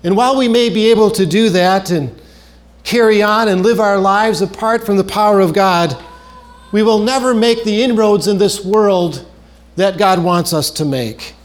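Male preacher, high voice, earnest sermon delivery, repeats key phrases, trails low at phrase ends. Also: normal speed.

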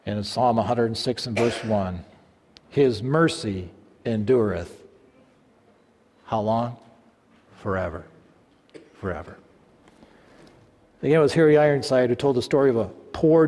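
Emphatic preacher in an echoing hall. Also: male voice. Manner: slow, emphatic, dropping to a low hush at phrase ends. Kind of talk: sermon. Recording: echoey hall reverb.

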